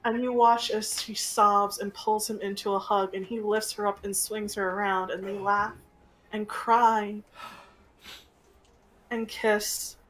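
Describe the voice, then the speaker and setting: A woman game master narrating a tabletop game in a slow, gentle storytelling manner. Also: mid-range voice, little pitch movement, a little hiss or hum, poor audio.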